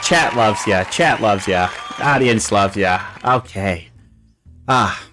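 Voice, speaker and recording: A man's voice: fairly low pitch, slow, over loud music, a loud crowd. A man hosting a casual livestream chat show, rambling with fillers and restarts and cooing with delight over pictures. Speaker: talk show host.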